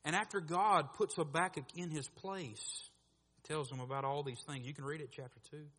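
A man preaching a sermon, animated, acting out voices in his stories and swinging from quiet asides to loud bursts. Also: fairly high pitch, normal speed. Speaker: pastor. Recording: echoey hall reverb.

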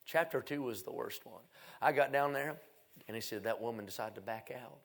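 In a brisk, gravelly, medium-pitched voice, a middle-aged evangelist preaches a revival sermon. He tells folksy, self-mocking stories, swinging between loud and hushed.

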